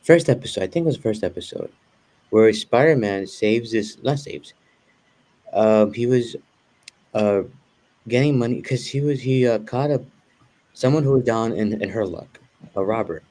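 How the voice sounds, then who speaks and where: A man's voice: lowish voice, normal speed, pauses often, dark tone. Rambling man full of fillers. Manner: rambling, many fillers and restarts. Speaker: guest reviewing a show. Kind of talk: casual conversation.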